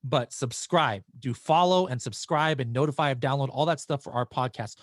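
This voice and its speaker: A man hosts a live webinar and works through viewer questions in a loose, chatty manner. His pitch sits in an ordinary middle range. The sound is dry and close, with no room echo. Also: normal speed. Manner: casual and chatty, with frequent restarts and fillers.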